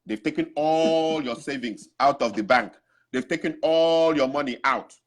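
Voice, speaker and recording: A slightly high male voice at normal speed makes an urgent, preachy plea to African men to transform themselves. He dramatizes other people's words as he goes.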